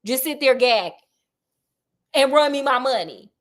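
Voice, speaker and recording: Woman putting on a brash male detective, sassy, slangy, high voice, slow emphatic demands. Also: animated. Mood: demanding.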